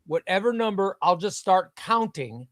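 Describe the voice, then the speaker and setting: A man hosting a casual comic book livestream, excitable and self-deprecating as he fumbles with the setup. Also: high-pitched, moderate pace, dry recording, studio quality. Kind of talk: casual live stream chat.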